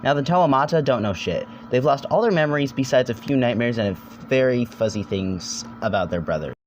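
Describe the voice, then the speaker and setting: A young man with a mid-range, expressive voice narrates a casual, comedic video essay over slight background noise. He rambles and jokes, swears now and then, and slips into quick silly voices.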